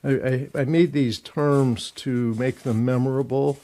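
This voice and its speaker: An older man, a therapist and author, giving measured, explanatory answers in an interview, thinking aloud as he goes. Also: medium pitch, fairly even intonation, dark tone.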